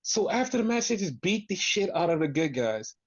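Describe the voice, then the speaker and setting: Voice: medium pitch, sing-song, fairly quick. A podcast co-host ranting in exasperation through a casual wrestling recap, swearing often. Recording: dull lo-fi sound.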